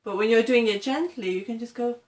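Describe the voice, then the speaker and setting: A woman's voice: on the high side, a little fast, reverberant. A woman from England teaching English pronunciation in an encouraging tutorial, often checking in with "okay" and demonstrating sounds.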